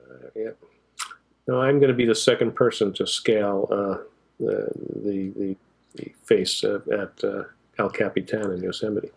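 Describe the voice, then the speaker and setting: A man's voice: on the low side, steady tone, normal speed, vocal fry, breathy edge, rough recording. A man talking as a guest in a casual interview on a video call, joking in a dry way. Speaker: guest commentator.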